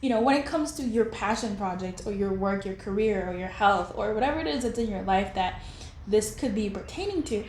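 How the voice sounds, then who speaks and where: A woman's voice: mid-range voice, lively intonation, fairly quick, darkish tone, slight background noise. A young woman giving a casual tarot reading, candid and chatty, swearing and laughing as she talks straight to her viewers. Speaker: tarot reader.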